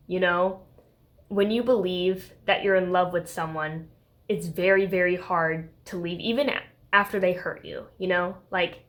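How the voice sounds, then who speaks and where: A woman reviewing a book in a casual vlog, talking in a heated, exasperated way with lots of "like" and "okay?". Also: fairly low pitch.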